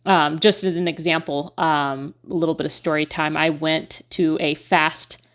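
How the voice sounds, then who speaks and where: Frank, filler-heavy woman host, lower voice. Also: steady tone, normal speed, fairly bright tone. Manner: conversational, many fillers, frank and pointed. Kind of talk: casual commentary to camera.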